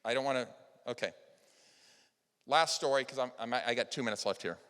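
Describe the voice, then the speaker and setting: Brief: male conference speaker, mid-pitched, earnest motivational storyteller, big hall reverb. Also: brisk. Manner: earnest storytelling, swings between loud emphasis and soft hushed lines. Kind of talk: motivational keynote talk. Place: large event hall.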